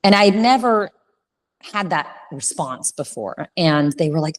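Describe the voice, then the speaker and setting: A woman talks through a casual interview as the guest. Her voice sits low, but it swings widely as she tells her stories, full of expressive restarts. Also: unhurried. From Louisiana, United States. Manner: expressive, animated storyteller with frequent restarts. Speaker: guest, communication coach.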